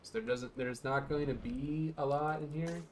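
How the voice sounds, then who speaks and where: A man's voice: fairly high pitch, fairly even intonation, moderate pace, background noise. A man hosting a let's play with casual gameplay commentary, rambling and joking at his own expense. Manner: joking, rambling and self-mocking.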